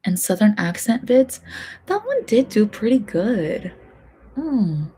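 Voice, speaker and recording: A young woman in her twenties chatting casually on a soft-spoken stream, rambling and often slipping into a whisper. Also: fairly high pitch, sing-song, slow, breathy edge. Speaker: streamer and hobby voice actor.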